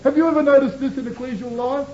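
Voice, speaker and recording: A man preaching a sermon to a congregation, impassioned, swinging between soaring lines and hushed asides. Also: fairly even intonation, fast talker. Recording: dull lo-fi tape with faint rumble.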